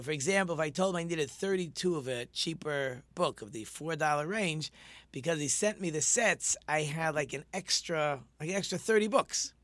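A man's voice: on the high side, a bit bright, no echo. A man, a rabbi, hosting a casual talk show and telling a rambling, enthusiastic story with many fillers.

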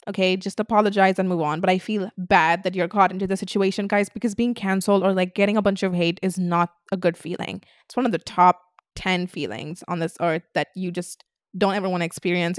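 A woman's voice: medium pitch, no echo, clean studio sound. A woman influencer ranting casually to her viewers, blunt and full of swearing, often slipping into mocking imitations of her critics. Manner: blunt and heavy on swearing, breaks into mock voices of critics. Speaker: internet influencer. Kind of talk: casual vlog rant.

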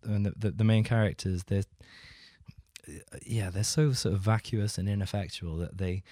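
Film podcast co-host, English man, very low voice, halting and dry. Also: fairly even intonation, dark tone, no room sound. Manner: hesitant, dry humor, many fillers. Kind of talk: casual film discussion.

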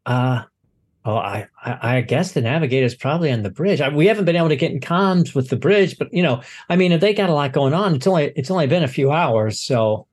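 A man voicing a flustered woman dock supervisor who rambles, halting on fillers. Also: fairly high pitch, animated, a little mellow, slightly rough, voice pushed up. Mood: anxious.

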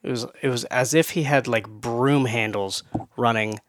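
A man hosting a casual podcast chat in a relaxed way, often chiming in with short remarks. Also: mid-range voice, normal speed, no echo, clean studio sound. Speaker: podcast host. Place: in-person recording on a hunting trip.

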